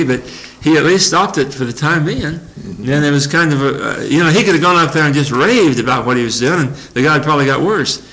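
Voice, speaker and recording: A man's voice: mid-range voice, vocal fry, a bit bright, rough recording. An older man giving an informal, folksy Bible study, rambling through verses and chuckling between thoughts. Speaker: Bible teacher.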